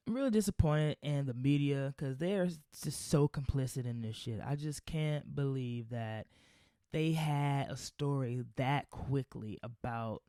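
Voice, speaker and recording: Solo podcast host, hot-tempered and profane, loose rambling delivery, mid-pitched voice. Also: a little mellow, no echo, studio quality. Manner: heated, profane ranting.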